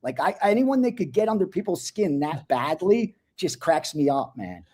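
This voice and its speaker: A man giving sports betting picks in casual talk, blunt and animated, swearing freely. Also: fairly high pitch, moderate pace.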